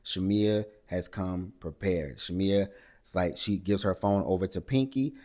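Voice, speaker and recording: Low-voiced man doing a chatty TV recap. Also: a little slow. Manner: animated, acts out cast members' lines in higher voices. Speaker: recap host. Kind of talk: casual reality TV recap.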